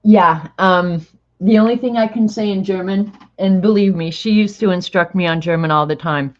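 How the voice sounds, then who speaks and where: A woman's voice: mid-range voice, moderate pace. A woman hosting a craft video, telling rambling stories and laughing often. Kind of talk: chatty storytelling while coloring. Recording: dull lo-fi recording.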